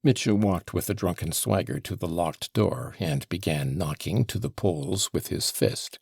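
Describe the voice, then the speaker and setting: A man narrating a classic novel as an audiobook, in a measured, even storytelling manner. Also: sits low, creaky, husky, no echo, clean studio sound. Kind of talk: scripted narration.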